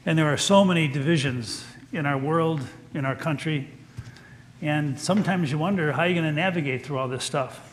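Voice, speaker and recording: An older man preaching a sermon as pastor in a church, telling stories in a gentle, folksy, earnest way. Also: a little high, brisk, a little hiss or hum.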